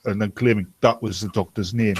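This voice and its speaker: A man's voice: fairly low pitch, fairly even intonation, a little fast, husky. A man joking and teasing his friends in a casual drunk livestream chat. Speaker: stream co-host.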